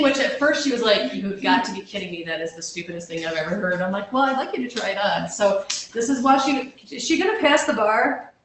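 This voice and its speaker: A woman's voice: medium pitch, a bit bright, distant mic. A woman counselor giving an informal workshop talk, conversational and self-deprecating, with frequent restarts and questions to check that the audience is following. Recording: very echoey room, voice picked up from afar, faint background hum.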